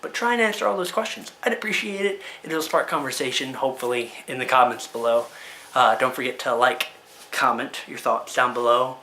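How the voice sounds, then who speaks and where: Fast-talking, exasperated man ranting. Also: mid-range voice, bright, forceful tone, a little hiss or hum. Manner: exasperated, rapid-fire rhetorical questions; talks fast in bursts. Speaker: card game video creator. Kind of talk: casual opinion rant to camera.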